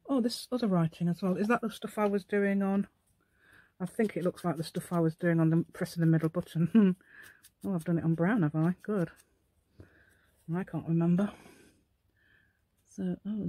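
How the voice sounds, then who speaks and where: A woman's voice: on the low side, steady tone, normal speed, mellow, breathy edge, dry recording. A middle-aged woman demonstrating a craft project, rambling and chatting to herself in a playful put-on posh telephone voice. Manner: rambling, chatty, talks to herself while working. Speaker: crafting channel host.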